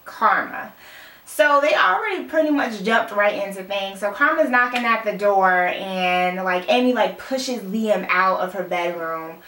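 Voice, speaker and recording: A woman's voice: mid-range voice, expressive, a little slow, pushed and bright, a little hiss or hum. A young woman in casual chat, rambling through a TV episode recap, full of "like" and "um". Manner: rambling, full of "like" and "um", mixes up names. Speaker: TV recap vlogger. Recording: roomy room, mic far off.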